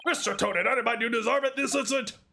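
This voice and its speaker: A man's voice: extremely high pitch, fast talker, gravelly, pushed and bright, slight background noise, heavily acted. A man voicing a fussy, easily alarmed old male judge while reading game dialogue aloud.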